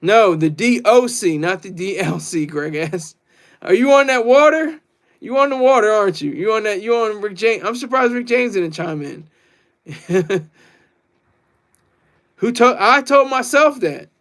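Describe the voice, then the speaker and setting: A man's voice: high-pitched, lively intonation, a little slow, a bit bright. A man hosting a casual livestream, reading chat comments and rambling boastfully, laughing often. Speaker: livestream host.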